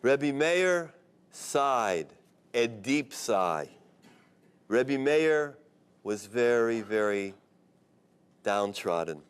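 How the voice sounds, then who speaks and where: A man, a rabbi, telling an inspirational story in an expressive voice, sprinkling in Hebrew terms. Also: medium pitch, very slow, pauses often, smooth.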